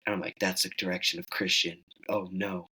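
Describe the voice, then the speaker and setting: Teen male guest, lowish voice, animated storyteller who jumps up in pitch for quoted lines. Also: a little fast, breathy edge, low-quality recording. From Wyoming. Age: teens. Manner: animated, acts out quoted dialogue in higher voice. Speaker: guest hunter. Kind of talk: casual storytelling.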